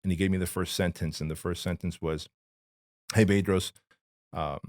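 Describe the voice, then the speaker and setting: A very low-voiced man from Armenia talks as a podcast guest, candid and emphatic, with blunt slang. His voice is close and dry on a studio mic, with no room sound. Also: level tone, quick pace, darkish tone, dry recording. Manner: emphatic, blunt and slangy, addressing the host as dude and bro. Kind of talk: candid personal storytelling in a podcast interview.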